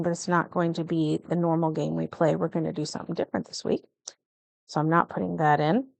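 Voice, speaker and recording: Her voice sits on the low side and is gravelly, captured in a dry recording. She's a middle-aged woman doing casual plan-with-me narration for her planner vlog, a bit nervous and often correcting herself along the way.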